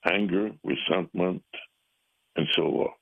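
A pastor speaking as a radio guest over the phone, earnest and halting, with many pauses and fillers. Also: male voice, deep voice, gravelly, slightly rough, no echo. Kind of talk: radio call-in conversation. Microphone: telephone. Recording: tinny phone line.

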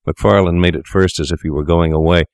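A man reads a story aloud in measured, deliberate narration. His voice is very low and deep, and the recording is dry and close with no room around it. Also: fairly even intonation, smooth, dry recording. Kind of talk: scripted narration.

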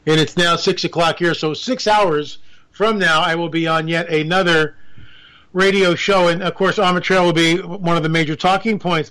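A man's voice: sits high, a bit bright. A man hosting a radio show, riffing through a sarcastic, rambling political monologue with jokey asides.

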